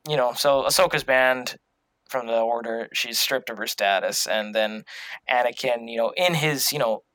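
A man's voice: medium pitch, normal speed, a bit bright, no echo, poor audio. A man talking casually with a co-host, rambling with many fillers and restarts. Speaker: podcast co-host. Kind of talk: casual fan discussion.

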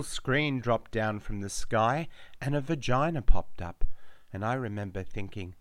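Deadpan man reading slowly. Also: on the low side, no echo. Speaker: narrator. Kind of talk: scripted narration.

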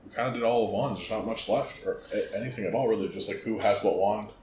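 A man's voice: fairly low pitch, quick pace. Guy cohost chatting easy, lots of mm-hmms, room echo and light hiss. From United States. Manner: relaxed, lots of um and mm-hmm. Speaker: podcast co-host. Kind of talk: casual chat. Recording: echoey room with faint noise.

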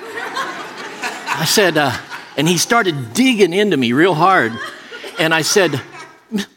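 A man's voice: fairly high pitch, animated, a little slow, a bit bright. A middle-aged man preaching as an associate pastor, mixing a sermon with joking, self-deprecating stories. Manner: jokey, self-deprecating anecdotes. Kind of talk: sermon with humorous storytelling. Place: church sanctuary. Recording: long reverb in a large church.

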